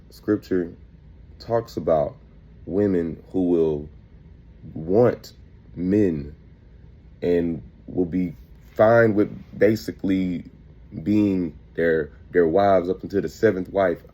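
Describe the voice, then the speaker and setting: Low, dark-voiced man recounting dreams. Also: takes it slowly, pauses often. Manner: earnest, repetitive, quoting voices in his dreams. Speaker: preacher sharing dreams. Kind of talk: spoken testimony of prophetic dreams.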